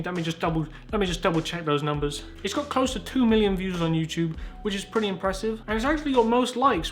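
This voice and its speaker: A man's voice: high voice, fairly bright tone. A man in his twenties with a Southern English accent, hosting a casual comedic commentary in a rambling, sweary, self-mocking way. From Southern England. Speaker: YouTuber host.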